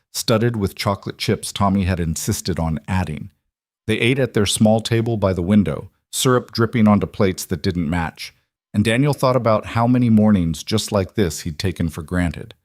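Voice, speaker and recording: A man narrating a scripted story in a steady storytelling manner. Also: lowish voice, no echo, clean studio sound.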